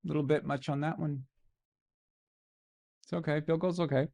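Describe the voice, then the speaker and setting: A man hosting a live stream, reacting to a football game with jokes and excited, casual commentary. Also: a little high, moderate pace, gravelly, long pauses. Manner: joking, excitable, swears casually. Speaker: livestream host.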